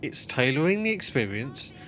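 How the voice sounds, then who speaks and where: A man's voice: medium pitch, big pitch swings, moderate pace, sharp tone. A man streaming a game live, chatting casually while he plays. He rambles, swears freely and mocks himself.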